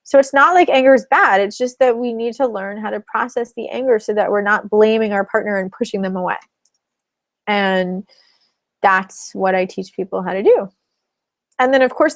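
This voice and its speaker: A woman working as a relationship coach, teaching in a webinar in a calm, explanatory way and acting out example phrases. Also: mid-range voice, gravelly, dry recording.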